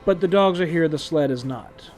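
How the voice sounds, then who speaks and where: A man's voice: on the high side, normal speed, a little mellow, soft background music. A man streaming a survival game, chatting casually with laughing asides. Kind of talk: casual gameplay commentary.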